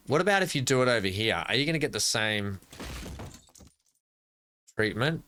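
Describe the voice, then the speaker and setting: A man's voice: medium pitch, sing-song, moderate pace, pauses often, sharp tone. An Australian man giving casual gameplay commentary as a channel host, rambling playfully and talking to himself as he builds.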